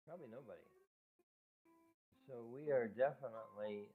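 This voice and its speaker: An older man who runs a cat rescue talks casually and rambles, with restarts and soft laughs. His words whistle because he is not wearing his dentures. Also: mid-range voice, moderate pace, husky. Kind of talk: casual talk to camera. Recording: tinny phone-like sound with faint music.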